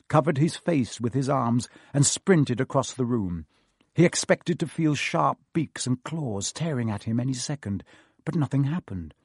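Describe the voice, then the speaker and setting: A man reading a storybook aloud in an expressive, varied narration. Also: mid-range voice, husky, no room sound, studio quality. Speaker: audiobook narrator.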